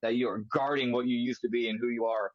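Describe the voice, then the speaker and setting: A man's voice: medium pitch, fairly even intonation, quick pace, no echo, muffled recording. A man in a heated online debate, mocking and dismissive, talking over the others. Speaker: debate guest.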